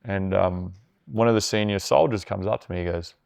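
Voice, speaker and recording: A man, a startup founder, telling animated stories in casual conversation, swearing and mimicking others' voices. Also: sits low, a little fast, gravelly. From Australia.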